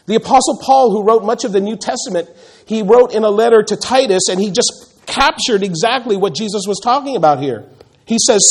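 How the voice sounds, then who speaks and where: A man preaching a sermon with a husky, somewhat raspy voice that sits higher than most men's. He is animated and conversational and acts out the voices he quotes. He often repeats words as he builds a point. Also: fairly quick. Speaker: pastor.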